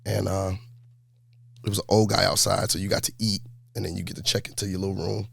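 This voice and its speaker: Gravelly New man telling stories. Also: sits low, fast. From New York. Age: 40s. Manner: laid-back, animated storyteller. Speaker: high school basketball coach. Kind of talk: storytelling in an interview.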